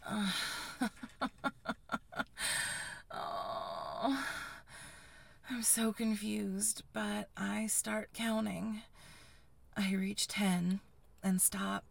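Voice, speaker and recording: A woman telling an intimate story in first person in a breathy, sighing, hushed whisper, as a whispered role-play. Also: medium pitch, fairly even intonation, very slow, pauses often. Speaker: erotic audio narrator.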